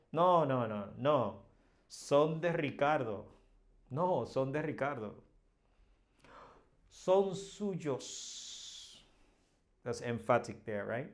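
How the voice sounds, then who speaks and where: Slow, patient male teacher. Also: medium pitch. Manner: patient, repeats example sentences, modeling question intonation. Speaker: Spanish teacher. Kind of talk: slow explanatory language lesson.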